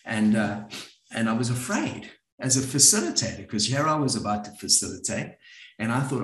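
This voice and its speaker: A man with a South African accent, giving a reflective, earnest talk to a live audience, often pausing and restarting his sentences. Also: medium pitch, animated, reverberant. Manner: earnest, with frequent restarts and pauses. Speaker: speaker at a community event.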